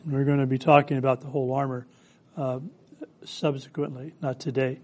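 A man's voice: medium pitch, steady tone, normal speed, pauses often, a little mellow. Earnest man preaching a sermon. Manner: earnest, questioning, repeats phrases for emphasis.

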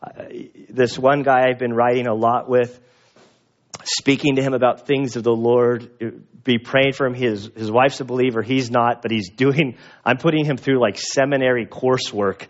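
A man preaching a conversational sermon, telling a story and acting out the voices in it. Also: moderate pace. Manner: animated storyteller, acts out dialogue with a raised pitch. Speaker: pastor and police chaplain. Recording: dull lo-fi recording.

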